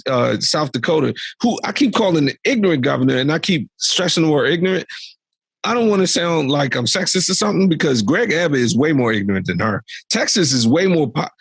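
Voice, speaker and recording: A man's voice: on the high side, husky, dry recording. A young adult man co-hosting a podcast, ranting animatedly about politics in exasperated casual commentary. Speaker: podcast co-host.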